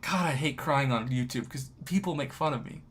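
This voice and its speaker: A man in his thirties from New Mexico, hosting a casual livestream and talking in an emotional, excitable, ranting way. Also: mid-range voice, a little fast, breathy edge. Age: 30s. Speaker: livestream host.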